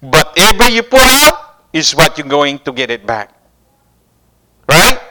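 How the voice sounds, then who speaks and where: A man's voice: a little high, very animated, a little slow, very noisy. A man preaching a sermon, asking the congregation questions and repeating key phrases.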